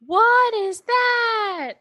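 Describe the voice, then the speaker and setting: A woman's voice: very high-pitched, expressive, extremely slow, a crowd in the background. A woman co-hosting a comedy podcast in casual chat, exclaiming and incredulous. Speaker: podcast co-host.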